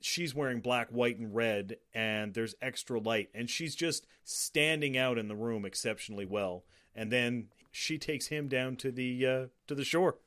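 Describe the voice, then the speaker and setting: Dude breaking down a movie scene shot by shot, mid pitch, casual swearing. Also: male voice, a little slow, few pauses, a bit bright. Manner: descriptive, profane, lingers on visual details. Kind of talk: casual film discussion.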